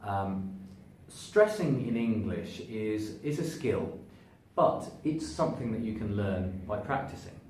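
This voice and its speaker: 英語の発音を教える男性、低めの声、反響する部屋. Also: male voice, takes it slowly, few pauses. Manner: demonstrates stress by stretching words, lively shifts in pitch. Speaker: English pronunciation teacher. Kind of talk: spoken English lesson to camera. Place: room standing before a sign. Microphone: camera at a distance, moving toward and away from it. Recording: echoey room, voice from a distance, faint background noise.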